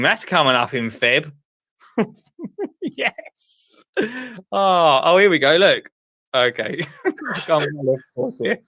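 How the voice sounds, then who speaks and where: A young man hosts a live show in an excitable, breathless rush, restarting his sentences. His voice sounds dry and close, with no room around it. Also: on the high side, slow pace, pauses often, no echo. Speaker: host. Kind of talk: excited live-stream chat.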